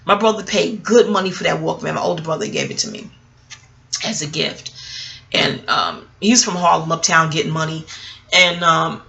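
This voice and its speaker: A middle-aged vlogger and memoir author from New York City tells a personal story straight to her viewers in a casual, animated, profane monologue. Her voice is low and creaky at a normal pace, and the recording quality is poor.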